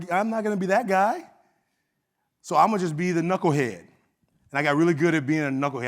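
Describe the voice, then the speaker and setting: Middle-aged man, Oakland accent, slightly higher voice, conversational keynote storyteller. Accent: Oakland, California. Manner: conversational, animated, acts out quoted dialogue. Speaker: keynote speaker. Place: conference hall stage.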